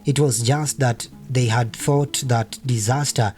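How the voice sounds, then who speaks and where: Male audiobook narrator over soft guitar. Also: mid-range voice, fairly even intonation, unhurried.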